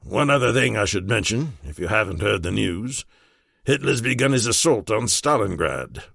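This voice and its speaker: A man voicing a gruff, commanding aging British prime minister in an audiobook. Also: fairly low pitch, sing-song, normal speed, fairly bright tone, no echo, studio quality, full character voice.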